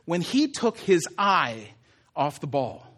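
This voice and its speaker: A man's voice: a little high, very animated, slow pace, a bit bright. A male pastor delivering a conversational sermon in church, acting out the words of the story as he goes. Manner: conversational preaching, acts out Jesus' words.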